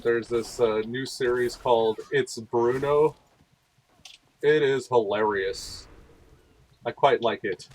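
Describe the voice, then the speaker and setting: A man's voice: mid-range voice, steady tone, takes it slowly, pauses often, a little mellow. A man hosting a gaming channel, rambling through casual gameplay commentary and laughing often.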